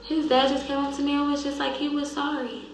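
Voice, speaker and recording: A young woman hosting a vlog, telling a painful memory in a halting, grieving way that trails off softly. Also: high voice, level tone, a little hiss or hum. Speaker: vlog host. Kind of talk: emotional storytelling. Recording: echoey room.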